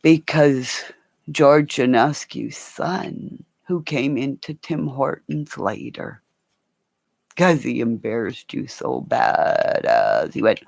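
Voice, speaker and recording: A woman's voice: a bass voice, sing-song, takes it slowly, gravelly, a little mellow, no room sound. A woman hosting a live stream, telling long rambling stories with swearing and frequent slips into mimicking other people's voices.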